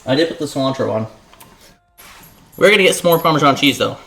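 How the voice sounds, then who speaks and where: A man's voice: on the high side, animated, fast talker, gravelly, sharp tone, soft background music. A man streaming himself cooking in his home kitchen, chatting with viewers in a playful, profane, casual way. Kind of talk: casual cooking livestream chat.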